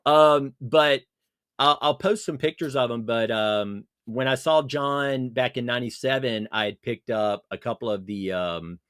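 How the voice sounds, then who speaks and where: A man speaking at an ordinary pitch, chatting loosely on a video call. His sound is dry and close, with no room around it. He wanders through his thoughts with plenty of fillers and restarts. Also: unhurried, fairly bright tone, smooth, dry recording. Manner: rambling, many fillers and restarts. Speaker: podcast guest. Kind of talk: casual video-call chat.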